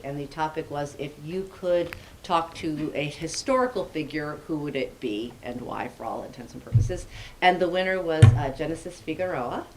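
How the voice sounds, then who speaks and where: A woman giving chatty, upbeat school announcements at a committee meeting, with a joking manner. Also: low-pitched. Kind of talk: meeting report. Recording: noisy meeting recording.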